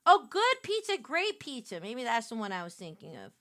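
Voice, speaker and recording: A woman with a New York accent, chatting casually with her stream viewers, animated and quick to laugh. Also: a little high. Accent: New York City. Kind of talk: casual live-stream chat while picking a game.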